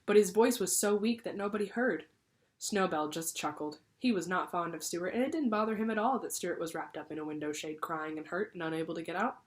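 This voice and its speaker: A teacher reading a children's book aloud, pausing to explain the story to her class. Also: lowish voice. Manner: lively, pausing to explain to pupils.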